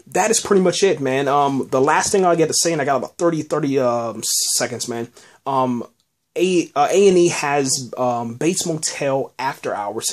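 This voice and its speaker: A man hosting a casual solo podcast, reviewing a TV episode in a rambling way with lots of fillers, restarts and "man.". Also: mid-range voice.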